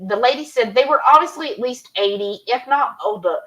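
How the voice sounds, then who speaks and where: A woman's voice: a little high, a little fast, pushed and bright, poor audio. A woman hosting a cooking live stream, chatting casually and reading viewer comments aloud. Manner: chatty, rambling, reads chat comments aloud. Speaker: cooking channel host.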